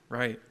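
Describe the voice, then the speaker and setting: A man's voice: sharp tone, slight background noise. A man preaching a sermon in a conversational way, joking now and then with his congregation. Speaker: pastor.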